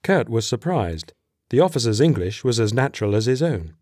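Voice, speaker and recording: A man narrating an audiobook in a steady, measured voice. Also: mid-range voice, no echo, studio quality.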